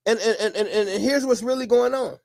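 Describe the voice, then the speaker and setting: A man speaking in a profane, preachy monologue to his viewers, often rising into shouts. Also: very high-pitched, a little fast, creaky. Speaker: commentator. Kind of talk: animated monologue to camera.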